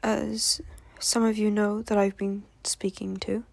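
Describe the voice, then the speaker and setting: Hoarse, gravelly-voiced woman, slow and soft. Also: level tone, no room sound. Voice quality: low gravelly raspy voice. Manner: soft-spoken, half-whispered, slow, with small laughs. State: unwell, voice hoarse. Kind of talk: intimate spoken audio. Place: lying in bed by a window.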